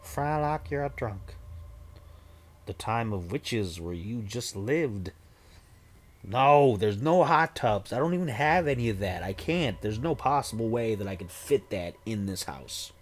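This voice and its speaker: A man in his forties with a somewhat low voice talks casually to his stream audience. He rambles from one thing to the next with self-deprecating, joking asides, close to a desk microphone. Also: expressive, unhurried. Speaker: livestreamer.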